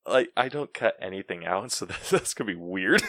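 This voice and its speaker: A man hosting a casual podcast from his house, jokey and animated, laughing often. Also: low voice, brisk, no room sound. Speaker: podcast host. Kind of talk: casual chat.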